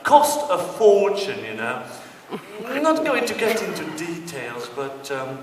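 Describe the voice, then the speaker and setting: A man's voice: a little high, very animated, moderate pace, slight background noise. Man doing stand-up in an echoey hall. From Britain. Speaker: stand-up comedian. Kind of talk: stand-up comedy monologue on stage. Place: theatre stage before an audience. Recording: distant, echoey hall with long reverb.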